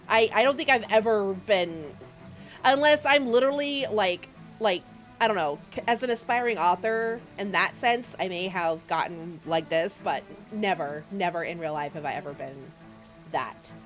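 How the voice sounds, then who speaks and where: A woman's voice: mid-range voice, moderate pace. A woman streamer chatting casually with her viewers, giggly and self-mocking. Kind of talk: casual game-stream chat. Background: game music.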